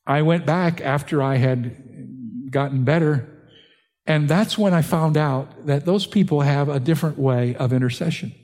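A man's voice: measured pace, a little mellow. Older male pastor preaching in a reverberant hall. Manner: earnest preaching, rising in pitch and force when stressing points. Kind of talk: sermon.

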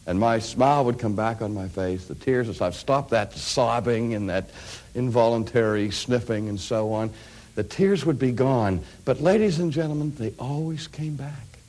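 A middle-aged man preaching a sermon, dropping to hushed near-whispers and rising to loud, ringing peaks. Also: mid-range voice, unhurried.

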